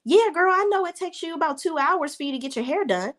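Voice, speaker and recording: A woman's voice: very high voice, lively intonation, fast talker, a bit bright, pitched above the performer's own voice. A woman voicing a scheming young woman who talks in a sly, confiding, gossipy way.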